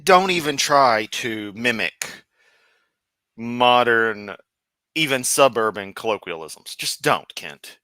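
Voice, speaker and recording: A man from Memphis with a Southern accent, riffing sarcastically and goofily on a livestream. His voice is bright and forceful, and the recording is dry and close to the mic. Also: medium pitch, animated, takes it slowly, no room sound. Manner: sarcastic, goofy, profane. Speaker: streamer host. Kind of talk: casual livestream commentary.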